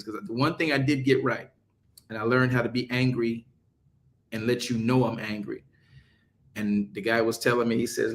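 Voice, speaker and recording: A man leads an online study group in a medium voice. He tells stories and jokes in a loose, lively way, then moves into a prayer and a blessing. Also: mid-range voice, moderate pace. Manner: animated, jokey, turns into a prayer and blessing. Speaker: minister leading online study. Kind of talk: casual storytelling and prayer.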